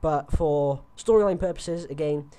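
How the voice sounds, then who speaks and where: A man's voice: on the high side, measured pace, warm tone. A young man on a headset, chatting loosely through his predictions with lots of fillers and restarts. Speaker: host. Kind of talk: casual wrestling predictions chat.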